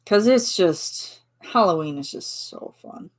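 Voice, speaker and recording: A woman's voice: fairly low pitch, lively intonation, slow. A woman from Canada chatting casually with her viewers on a stream, giggling and answering chat. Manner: chatty and giggly, reads chat replies aloud.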